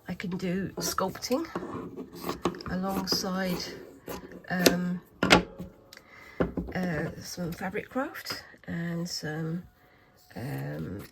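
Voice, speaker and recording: A woman chatting casually while sewing for a craft vlog, thinking aloud with many pauses and fillers, sometimes dropping into a soft half-whisper. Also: medium pitch, heavy background noise. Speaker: craft vlogger. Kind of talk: casual craft tutorial chat.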